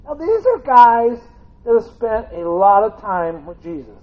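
A man's voice: sits high, sing-song, measured pace. A man preaching a conversational sermon, telling stories with humor and acting out voices from the reading. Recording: tinny phone-like sound.

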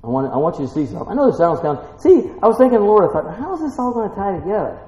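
Folksy preacher with a roomy, muffled sound. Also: male voice, high-pitched, rapid-fire. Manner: folksy, animated, swings from quiet musing to excited exclaiming. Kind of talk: sermon, Bible teaching. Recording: echoey room, muffled lo-fi sound.

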